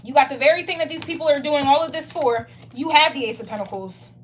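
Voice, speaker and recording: High-voiced, blunt tarot reader woman. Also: fast, noisy background. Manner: blunt, profane, emphatic. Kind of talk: casual tarot reading monologue.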